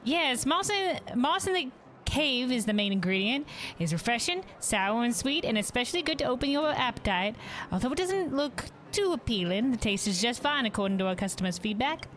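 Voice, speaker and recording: A woman's voice: fairly high pitch, big pitch swings, normal speed, fairly bright tone, a little hiss or hum, voice pushed up. A woman streamer voicing a cheerful young woman who cooks at a hotel, reading game dialogue aloud in an eager, hospitable way. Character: cheerful young woman hotel cook, proud of her dishes.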